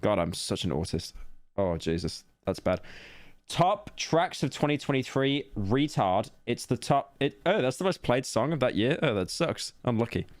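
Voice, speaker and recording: A man's voice: mid-range voice, big pitch swings, normal speed, no echo. A man streaming casually, reacting to a video with blunt, crude, rambling remarks.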